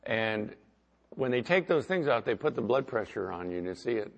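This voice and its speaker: A man preaching as pastor, talking conversationally and swinging between loud emphasis and quiet asides. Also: medium pitch, very animated, moderate pace, highs cut off. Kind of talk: sermon.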